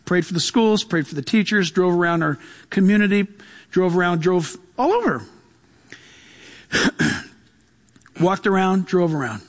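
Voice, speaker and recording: A man's voice: sits high, expressive, unhurried, long pauses. A male pastor giving a sermon, telling stories with humor and laughing often.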